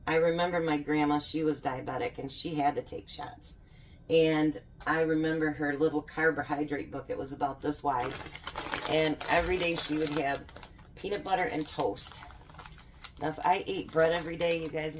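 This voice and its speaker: A woman's voice: low voice, fairly even intonation, normal speed, a little hiss or hum. A woman chatting folksily as she cooks in her home kitchen, laughing often. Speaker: home cooking vlogger. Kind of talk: casual cooking vlog chat.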